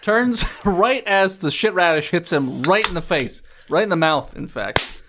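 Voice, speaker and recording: A man's voice: high voice, lively intonation, background noise. A man running a tabletop game as game master, narrating with frequent laughter. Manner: laughing, quick asides, voices characters.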